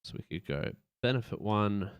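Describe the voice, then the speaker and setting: A man's voice: on the low side, expressive, moderate pace, smooth, no echo, highs cut off. A man streaming live, casually talking through a website layout as he works, rambling and tossing in playful beeps. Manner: thinks aloud, loose and rambling, with playful sound effects. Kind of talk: casual live-stream commentary while working.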